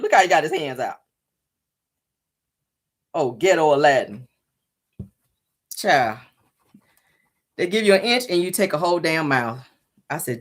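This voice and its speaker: A woman's voice: sits low, sing-song, moderate pace, pauses often, breathy edge. A woman hosting a casual celebrity gossip show, sassy and teasing, calling her audience honey and child. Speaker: commentary show host.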